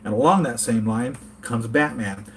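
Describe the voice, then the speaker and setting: A man's voice: medium pitch, moderate pace. Brief: rambling, earnest American male toy-collector host at home, mid-range voice, faint background hum. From United States. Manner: rambling, earnest, reads chat comments aloud. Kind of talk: casual live-chat vlog.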